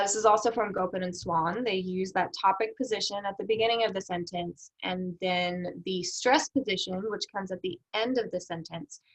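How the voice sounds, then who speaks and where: In a low-quality recording, a woman with a medium-pitched voice lectures on editing proposals as a research development instructor. She explains step by step, posing rhetorical questions and using frequent fillers.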